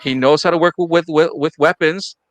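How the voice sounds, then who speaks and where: A man's voice: on the high side, fairly even intonation, normal speed, dry recording. A man hosting a casual pop culture panel podcast, steering the talk and handing turns to the other panelists. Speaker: podcast host.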